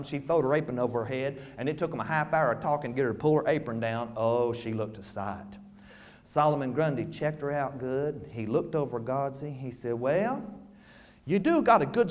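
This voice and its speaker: A man telling a folk tale, with an animated, folksy delivery and asides to his listeners. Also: medium pitch. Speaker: storyteller.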